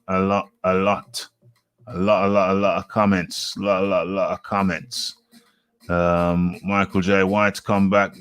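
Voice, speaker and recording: A man's voice: low voice, a bit bright, clear, resonant tone. A British man hosting a live boxing talk stream, reading comments aloud and rambling and correcting himself as he scrolls.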